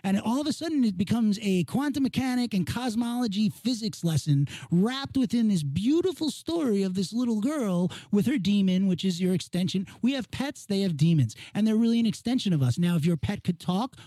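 A man's voice: high-pitched, lively intonation, fairly quick, few pauses, warm tone, dry recording. A man co-hosting a casual chat, talking emphatically and repeating himself as he builds his point. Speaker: podcast co-host.

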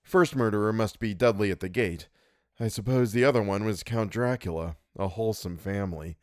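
A man's voice: fairly low pitch, brisk, a little mellow, no echo, clean studio sound, lightly acted. A man reading an audiobook, voicing a witty, teasing young woman in a wry, playful way.

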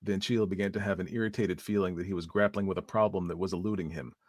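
A man reading a story aloud as narrator in a measured, even manner. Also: low voice, no room sound, studio quality.

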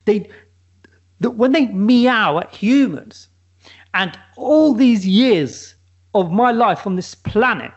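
A man's voice: sits high, expressive, takes it slowly, breathy edge, dull audio. A man co-hosting a podcast, telling a comic story in a rambling way with many restarts. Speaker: podcast co-host. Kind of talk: comedic casual chat.

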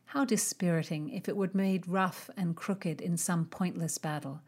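A woman narrating an audiobook in a measured, expressive storytelling manner. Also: on the low side, husky. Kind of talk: scripted narration of a historical romance.

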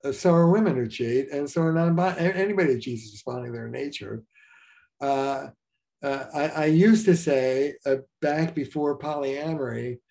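A man's voice: medium pitch, vocal fry, mellow. An older man, a marriage therapist, talking frankly in a casual interview, telling stories with many fillers and restarts.

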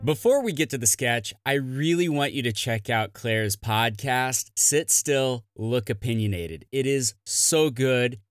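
A man's voice: mid-range voice, a little slow, few pauses, clean tone, no echo, clean studio sound, soft background music. A man hosting a comedy podcast, chatting casually and plugging things in an upbeat, self-deprecating way. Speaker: podcast host. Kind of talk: casual podcast chat and promo.

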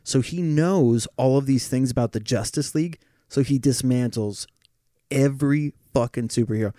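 A man's voice: mid-range voice, moderate pace, mellow, no room sound, studio quality. A man in casual podcast chat who explains things eagerly and at length, swearing along the way.

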